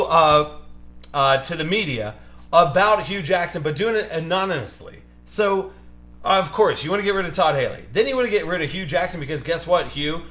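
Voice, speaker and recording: A man's voice: high-pitched, fairly bright tone. Heated ranting man in an echoey room. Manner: ranting, heated, fast-shifting. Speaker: card break host. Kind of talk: live stream chat while opening cards. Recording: echoey room with music behind.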